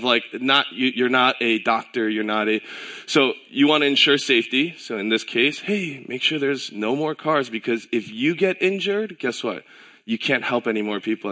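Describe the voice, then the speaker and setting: A man giving a casual, conversational sermon. He tells stories in a relaxed way, uses filler words, and acts out the voices he quotes. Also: mid-range voice. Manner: relaxed storytelling with filler words and self-corrections. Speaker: pastor.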